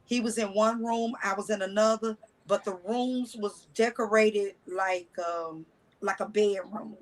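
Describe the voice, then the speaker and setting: A woman's voice: medium pitch, fairly even intonation, unhurried, low-quality recording. A woman guest telling a personal story in a candid, blunt, colloquial way, with cussing and restarts.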